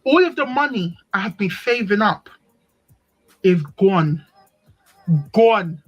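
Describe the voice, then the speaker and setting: A woman's voice: medium pitch, expressive, slow pace, highs cut off, faint music behind. A woman telling a personal story in casual chat, animatedly acting out what other people said. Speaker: live stream panelist.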